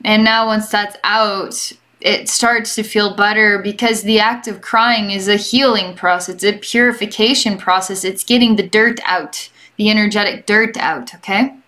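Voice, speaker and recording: A young adult woman giving a gentle, chatty energy healing session as a psychic, rambling and often checking in with the listener. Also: mid-range voice, fairly even intonation, normal speed, hardly any pauses. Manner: gentle and reassuring toward the listener. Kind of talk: relaxed guided healing session.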